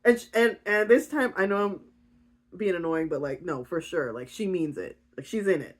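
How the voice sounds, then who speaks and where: A woman's voice: lowish voice, expressive, moderate pace. A woman giving a casual, giggly, chatty recap of a romance novel. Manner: giggly, chatty, with frequent fillers. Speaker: book reviewer.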